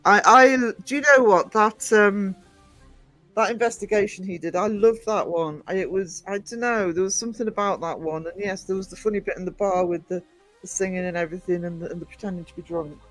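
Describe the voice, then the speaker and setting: A man hosts a casual live stream, chatting affectionately with viewers he calls sweetie and darling. He's scattered, says "um" a lot, and trails off while reading chat. His high-pitched, slightly bright voice moves fairly quickly over faint music.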